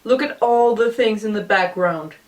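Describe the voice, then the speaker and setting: A woman's voice: medium pitch, moderate pace, distant mic. A young woman in her twenties with a noticeable accent, chatting casually in a rambling, self-deprecating way with lots of ums. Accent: noticeable non-native accent. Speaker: vlogger. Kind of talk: casual reaction vlog commentary.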